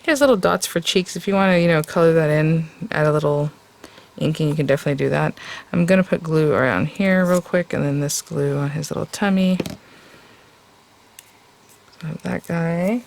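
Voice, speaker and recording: A woman's voice: low voice, fairly quick, gravelly, darkish tone. A woman hosting a casual crafting tutorial, chatting and thinking aloud as she works, with plenty of fillers.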